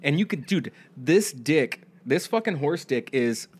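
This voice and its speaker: A man's voice: fairly high pitch, animated, measured pace, slight background noise. A young man co-hosting a podcast, telling a crude story loosely and saying "dude" a lot. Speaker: podcast co-host. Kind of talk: casual chat.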